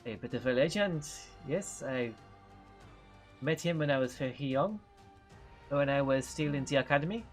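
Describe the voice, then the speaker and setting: Sex: man. Figure: man putting on a proud naval captain. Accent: put-on French. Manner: formal, halting. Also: medium pitch, expressive, faint music behind, lightly acted. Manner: formal, halting, with many fillers.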